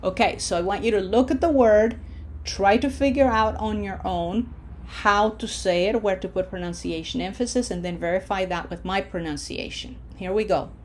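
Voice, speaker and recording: A woman teaching a recorded Spanish lesson. She explains the rules patiently, step by step, checks in with "okay?" and says the example words slowly and loudly. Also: mid-range voice, a little hiss or hum.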